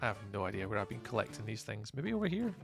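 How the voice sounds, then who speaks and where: A man's voice: on the low side, big pitch swings, rapid-fire, creaky, music in the background. A man from Scotland with a Scottish accent, chatting casually on a live stream and reading out and answering chat while he plays.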